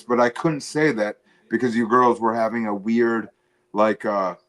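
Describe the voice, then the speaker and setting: A man's voice: fairly low pitch, measured pace, a bit bright. A man in casual stream chat, telling a heated story full of swearing. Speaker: co-host guest.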